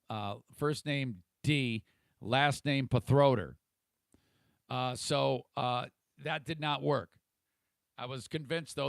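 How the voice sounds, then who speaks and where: A man's voice: mid-range voice, vocal fry, fairly bright tone, no echo. A podcast host talking through a casual livestream monologue, rambling and irritable, swearing freely and restarting his sentences.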